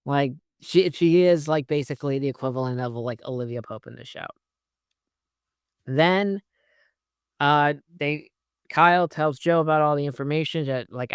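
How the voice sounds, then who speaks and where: A man's voice: fairly high pitch, moderate pace, clear, resonant tone, no room sound, clean studio sound. A man hosting his own show, giving a casual, rambling recap of a TV episode with frequent swearing. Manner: rambling, profane, conversational. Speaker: host.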